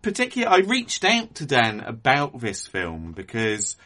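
A man co-hosting a podcast, discussing a film in a measured, analytical way with frequent hedging fillers. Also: medium pitch, huge pitch swings, sharp tone. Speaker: podcast co-host.

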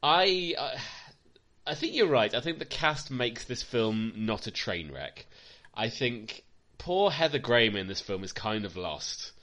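On a relaxed film podcast, this co-host is sardonic and likes performing scenes in goofy voices. He speaks unhurriedly in a mid-range, fairly bright voice with big pitch swings.

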